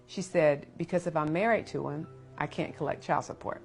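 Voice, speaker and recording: A woman's voice: low-pitched, steady tone, brisk, hardly any pauses, darkish tone, soft background music. A woman, a teacher, earnestly telling an incredulous story about her students.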